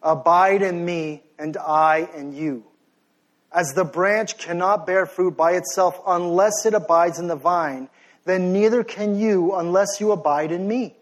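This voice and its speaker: A young man delivering a sermon in a high, light voice. He preaches with fervent intensity, building to loud, insistent commands. Between them he eases into quieter, self-deprecating asides. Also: a little slow. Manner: passionate, rising to near-shouting then softening to sheepish asides.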